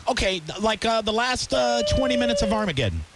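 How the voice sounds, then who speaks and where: Male sports radio host, high, lively voice, heated ranting delivery. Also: fast, very noisy. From Tampa area. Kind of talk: sports talk rant.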